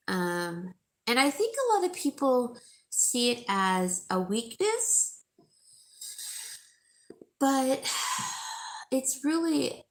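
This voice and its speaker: A middle-aged woman talking to her viewers in a soft, tearful way, crying as she speaks. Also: fairly low pitch, gravelly. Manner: soft, tearful, talks baby talk to her pet. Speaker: jewelry seller and vlogger. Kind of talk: emotional casual talk to viewers.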